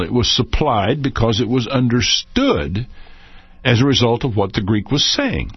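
An older man talks through a Bible lesson in a measured, explanatory way, leaning on key words for emphasis. His husky voice rises and falls in a lively, animated way. The recording is dry and dull, with a lo-fi quality. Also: mid-range voice, dry recording. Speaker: Bible teacher. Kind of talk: unscripted teaching talk.

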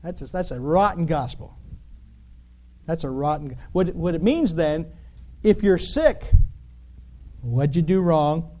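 A man preaching a sermon in an animated, emphatic, conversational way, full of rhetorical questions. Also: on the high side, slow, pauses often.

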